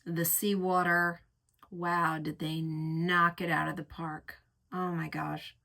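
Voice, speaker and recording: A woman's voice: on the low side, level tone, slow, vocal fry, bright, forceful tone. A woman reviewing perfumes in a casual, effusive chat, painting vivid pictures and lingering over her words. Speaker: fragrance reviewer.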